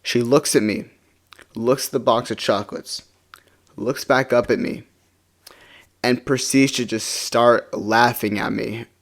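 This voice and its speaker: A man's voice: medium pitch, fairly even intonation, measured pace, long pauses. Man, casual storytime vlog, mid-range voice, rambling restarts, sinks to a mumble, face-cam monologue. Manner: rambling with many restarts, drops to a near-mumble when glum. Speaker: vlogger. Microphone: face-cam setup.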